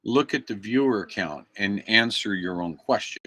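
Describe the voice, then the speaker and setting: A man's voice: lowish voice, animated, normal speed, sharp tone. An American man giving an angry, emphatic livestream rant into his computer mic, preaching to viewers. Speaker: activist live streamer. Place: indoors at a computer.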